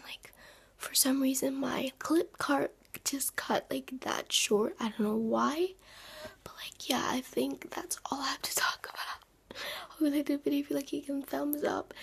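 A woman's voice: high voice, steady tone, normal speed, creaky. A teenage girl vlogging casually to the camera, gushing with dramatic exclamations and sometimes dropping into a whisper. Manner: drops into a whisper at times.

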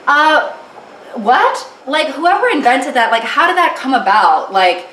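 A woman's voice: sits high, sing-song, a little slow, fairly bright tone, far from the mic, a little hiss or hum. A young woman chatting casually while she cooks in her home kitchen, rambling and joking with many fillers. There is no separate microphone. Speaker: vlogger. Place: home kitchen, cooking at the stove. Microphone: camera mic, no separate microphone. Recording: roomy, off-mic kitchen with stove sizzle.

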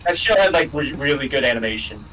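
Young male co-host, bright rambling gaming chat, sits back from the mic. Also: mid-range voice, animated, quick pace. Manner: rambling, filler-heavy, emphatic. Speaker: let's play co-host. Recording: voice a bit far from the mic.

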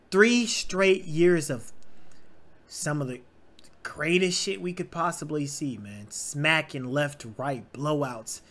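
A young man hosting a sports reaction video, ranting casually with profanity, stammering restarts and repeated phrases. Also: fairly high pitch. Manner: animated, repetitive, stammering, profane. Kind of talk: casual rant.

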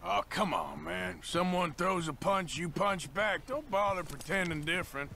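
An actor playing a rugged, blunt outlaw in a video game, with a gravelly voice. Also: male voice, high voice, expressive, normal speed, pushed and bright, slight background noise, full character voice. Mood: defiant. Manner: blunt, dismissive. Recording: game audio with ambience.

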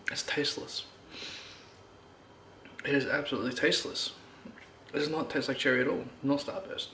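A man's voice: medium pitch, measured pace, long pauses, sharp tone. Blunt, groaning man in an echoey room. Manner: blunt, swears, groans and sighs. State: out of breath. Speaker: drink reviewer. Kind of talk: casual vlog review. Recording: echoey room, faint background noise.

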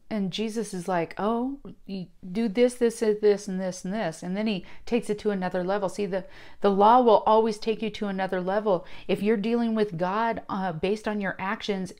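A woman teaching from the Bible in a relaxed, conversational sermon. She speaks with emphasis and slows right down for the scripture passages she reads out. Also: medium pitch.

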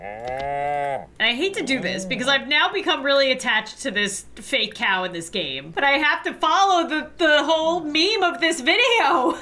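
Woman, gaming host; high, swooping voice, dramatic and giggly let's-play chatter. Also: moderate pace. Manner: excitable and dramatic, laughing and gasping often. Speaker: gaming YouTuber. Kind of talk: casual let's-play commentary.

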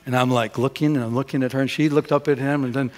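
A middle-aged pastor preaches fast in a medium-pitched voice, recounting a personal story. He acts out the dialogue with energy and restarts often.

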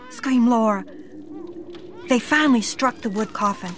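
A woman narrating a scripted ghost story in a dramatic manner, slowing down for suspense. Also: a little high, expressive, slight background noise.

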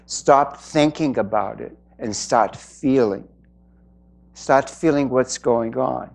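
A man voicing a calm, wise male spirit guide in a soft, hushed, slow voice. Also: mid-range voice, creaky. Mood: hushed urging.

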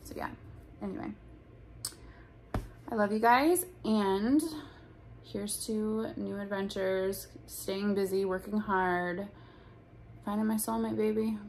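A woman's voice: mid-range voice, fairly even intonation, takes it slowly, long pauses, a little mellow, slight background noise. A young woman in a casual storytime vlog, talking bluntly and profanely with lots of "like". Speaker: vlogger.

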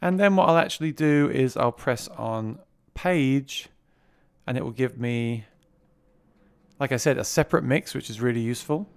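A man walks through a piece of music gear in a chatty demo, often repeating a word as he restarts a thought. His voice sits at a middling pitch and runs through a vocal mic plugged into the device itself. The sound is dry and close, with no room around it. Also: moderate pace, creaky, clean tone, no echo. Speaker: gear reviewer. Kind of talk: casual product demo. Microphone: vocal mic routed through the mixer being reviewed.

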